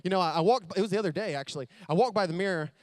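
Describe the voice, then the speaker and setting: High-voiced man giving a convention keynote. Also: very fast, no echo. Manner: builds to loud excited storytelling. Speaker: motivational speaker. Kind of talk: motivational keynote speech. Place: convention stage.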